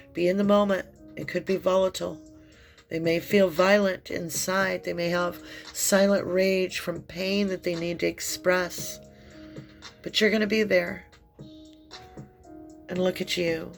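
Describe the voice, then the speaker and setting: A woman with a low, gravelly voice gives a tarot reading full of emotion, weeping as she goes. Her delivery is slow, heartfelt and soothing.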